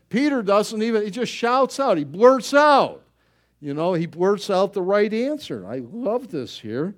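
Guy preaching a sermon, voice jumps all over, kinda high, lots of uh's. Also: measured pace. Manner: animated preaching, rising for emphasis, many fillers. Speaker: pastor.

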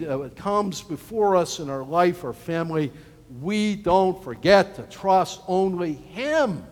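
A man preaching from the pulpit, his voice sitting high for a man. He is animated and folksy and slips into quick acted asides. The sound carries a long reverb from a large church hall. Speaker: pastor. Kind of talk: sermon.

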